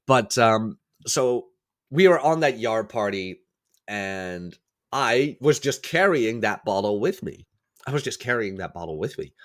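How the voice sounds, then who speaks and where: A man telling stories as a podcast guest in casual chat, rambling and correcting himself as he goes, still getting over a cold. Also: on the low side. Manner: rambling, self-correcting, acts out quoted voices. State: recovering from a cold.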